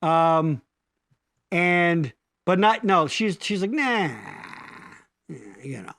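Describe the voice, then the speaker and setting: A man with a high, animated voice that swings all over as he rambles through crude jokes. His tone is bright and forceful, and the sound is dry and close, from a basement studio. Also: takes it slowly, clean tone, no echo. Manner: rambling, mock-pleading bits, crude jokes. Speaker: co-host of a live stream. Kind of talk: crude comedic banter.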